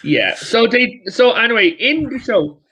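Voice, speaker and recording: A man's voice: very high-pitched, measured pace, breathy edge. Irish man telling history stories. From Ireland. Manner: animated storyteller, rambling with restarts. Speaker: guest. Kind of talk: casual history chat.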